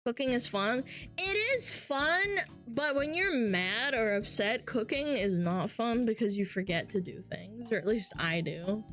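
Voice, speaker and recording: A woman's voice: mid-range voice, normal speed, hardly any pauses, a bit bright, soft background music. A woman streamer chatting casually with her live chat, brash and swearing freely as she reads messages aloud.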